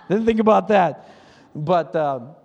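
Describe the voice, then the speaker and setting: A man with a high voice delivers a relaxed, chatty sermon from the stage. He slips into quick imitations of other people's prayers and chuckles along the way. His voice carries through a large church hall with a long, lingering reverb. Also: vocal fry, dull audio. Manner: conversational, self-laughing, mimics others' prayers. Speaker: pastor.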